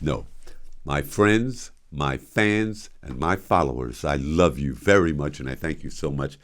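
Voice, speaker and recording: A man's voice: extremely low pitch, a little slow. An older man hosting his own show, telling stories casually, laughing often and acting out voices from his stories. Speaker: show host. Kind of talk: casual storytelling monologue.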